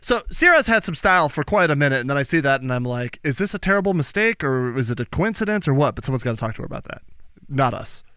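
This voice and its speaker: Lively, bright-voiced man chatting casually. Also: medium pitch, fast, clear, resonant tone, no room sound, clean studio sound. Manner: animated, jokey, does silly voices in stories. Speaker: podcast co-host. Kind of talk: casual chat.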